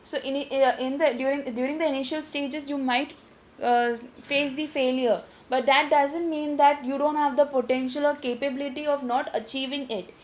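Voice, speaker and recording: A woman's voice: high voice, steady tone, moderate pace, a little hiss or hum. A woman teacher with an Indian English accent, giving an online literature lesson and reading a story aloud with vocabulary instructions. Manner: instructive, repeats phrases, frequent restarts.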